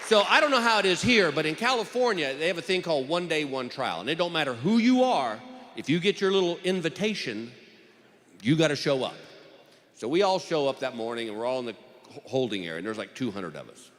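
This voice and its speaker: Folksy stand-up comic in a big hall. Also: male voice, on the high side, expressive, fairly quick, a bit bright, a faint crowd. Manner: folksy storytelling, acting out courtroom voices. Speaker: stand-up comedian. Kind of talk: stand-up comedy routine. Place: large theater stage with live audience. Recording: live hall recording with audience. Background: audience laughter.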